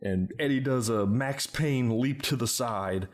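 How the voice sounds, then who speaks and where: A man's voice: mid-range voice, a little slow. A man hosting a podcast, casually recapping a movie's plot step by step, with plenty of filler words. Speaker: podcast host.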